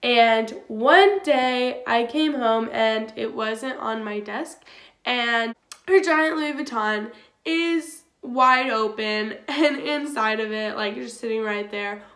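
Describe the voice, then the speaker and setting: Chatty young woman, bright voice. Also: fairly high pitch, slow. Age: young adult. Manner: chatty, filler-heavy with frequent "like". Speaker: YouTuber. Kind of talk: storytime vlog. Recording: roomy echo.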